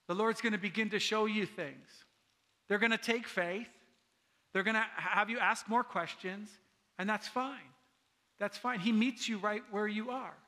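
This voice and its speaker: Bright high-voiced man preaching casually. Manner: casual, asks "right?" often, acts out quotes. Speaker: pastor. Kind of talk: conversational sermon.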